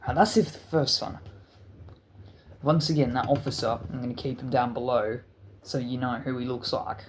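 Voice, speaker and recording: A man's voice: medium pitch, normal speed, background noise. A man telling a wild story in a storytime vlog, stuttering often and cursing freely. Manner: stuttering, profane, animated storytelling. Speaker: channel host.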